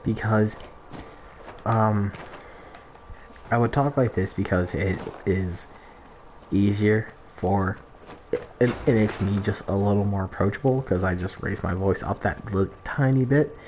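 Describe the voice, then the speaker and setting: Rambling low-voiced male streamer. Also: a little slow, pauses often, darkish tone, a little hiss or hum. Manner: rambling, full of "like" and restarts. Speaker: game streamer. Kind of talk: casual gameplay stream chat.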